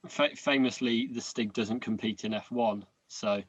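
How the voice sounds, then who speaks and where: A man's voice: on the low side, fairly even intonation, a little slow, husky, no echo. A man co-hosting a casual podcast, rambling with hesitant restarts and frequent laughter. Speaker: podcast co-host. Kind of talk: casual chat. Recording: dull lo-fi.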